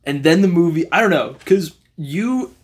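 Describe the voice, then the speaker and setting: A man co-hosting a podcast in casual chat, animated and acting out quotes in changing voices. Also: moderate pace, crowd noise. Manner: animated, acts out quotes with big pitch jumps. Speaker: podcast co-host.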